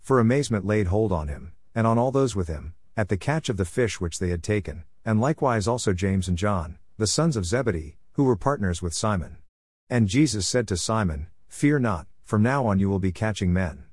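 A man with a lowish voice reads scripture aloud. He moves steadily through short phrases at a measured pace. The recording is dry and close. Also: animated, darkish tone, slightly rough, no echo. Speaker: scripture reader. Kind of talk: scripture reading.

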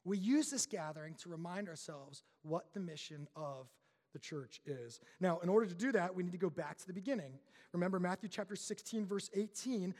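A young adult man preaching a sermon as pastor, an animated storyteller who builds tension and then drops quiet. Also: high voice, fairly quick. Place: church sanctuary. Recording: long hall reverb.

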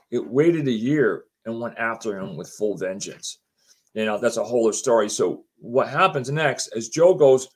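A man with a mid-range voice speaks at a moderate pace, casually telling his story as a homeowner. He is lively throughout and performs what others said to him.

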